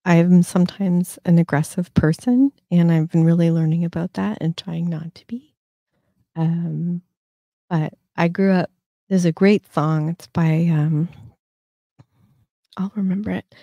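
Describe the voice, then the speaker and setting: Hosting a casual live chat, a woman in her fifties rambles through frank, self-mocking stories, swearing and laughing at her own expense. Her voice is on the low side and dark, with no room sound and a lo-fi quality.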